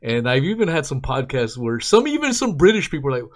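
A man hosting a podcast in casual conversation, laid-back, with quick joking asides. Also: mid-range voice, very animated. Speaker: podcast host.

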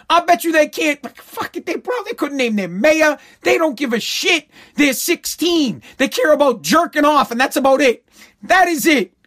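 A man's voice: very high voice, fairly bright tone. A middle-aged man ranting bluntly and profanely, hammering each point with short repeated phrases as a talk host. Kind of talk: profane political rant.

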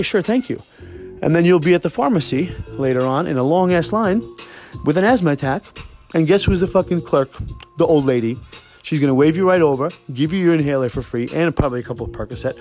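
Profane rambling man, podcast monologue. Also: fairly high pitch. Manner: profane, rambling, animated storytelling. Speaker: podcast host. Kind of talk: casual monologue.

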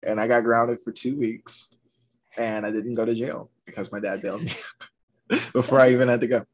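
A man's voice: mid-range voice, moderate pace. A young man from Georgia telling a comedic story as a podcast guest, acting out the people in it. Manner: animated, acts out the people in his story.

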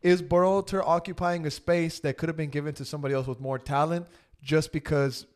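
A man hosting a casual soccer podcast, animated and leading the talk with casual swearing. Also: a little high, brisk. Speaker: podcast host. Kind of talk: casual sports chat.

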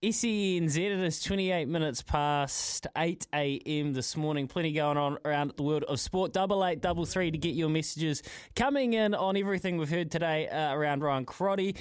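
Brisk New Zealand radio co-host. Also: male voice, on the high side, smooth, no room sound. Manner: brisk, upbeat announcer delivery. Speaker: radio sports show co-host. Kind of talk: radio links and ad reads. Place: radio studio.

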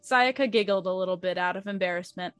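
A woman's voice: lowish voice, quick pace, a bit bright, soft background music. A young woman casually reading a fanfic aloud in a chatty, giggly way. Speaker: fanfic reader. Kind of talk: casual storytelling read-aloud.

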